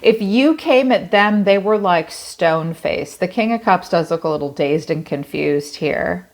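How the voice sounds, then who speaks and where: A woman's voice: fairly low pitch, expressive, measured pace. A woman giving a tarot reading in a blunt, casual way, swearing freely and thinking aloud as she talks. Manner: conversational, thinking aloud with many "like" fillers. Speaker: tarot reader.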